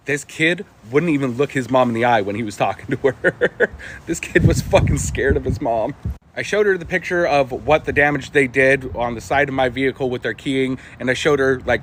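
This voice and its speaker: A man telling a personal story in an animated way, amused and laughing as he tells it. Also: fairly high pitch, normal speed. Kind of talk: storytime narration.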